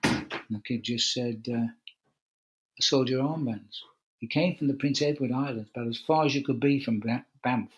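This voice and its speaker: Husky older man telling stories. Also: medium pitch, a little fast, low-quality recording. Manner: chatty, acts out quoted lines. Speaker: guest, cycling commentator. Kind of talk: relaxed anecdotal storytelling.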